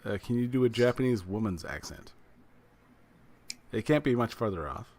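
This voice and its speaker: A man in relaxed podcast chat, hesitant and full of fillers. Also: fairly low pitch, normal speed. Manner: laid-back, hesitant with fillers. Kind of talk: casual chat.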